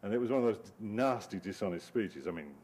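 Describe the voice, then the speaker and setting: A man's voice: on the low side, lively intonation, a little fast, darkish tone, breathy edge. A middle-aged man, a cartoonist giving a wry, digressive talk over his slides and laughing often. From Britain.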